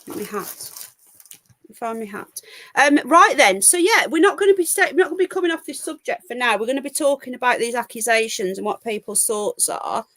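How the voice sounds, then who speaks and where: A woman's voice: fairly high pitch, animated, a little fast, fairly bright tone, no room sound. Chatty English woman hosting a live call-in. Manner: chatty, greets viewers and gossips. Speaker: live call-in show host. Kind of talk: casual live-stream chat.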